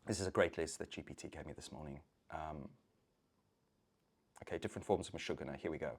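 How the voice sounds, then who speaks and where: A YouTuber ranting to camera, swearing a lot and swinging between loud outbursts and low muttering, repeating words over and over. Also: fast talker.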